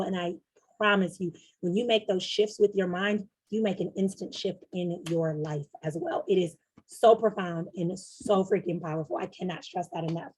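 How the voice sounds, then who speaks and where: Husky-voiced woman coach teaching casually. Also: fairly low pitch. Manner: casual, animated teaching with fillers and acted-out inner voices. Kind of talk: teaching presentation.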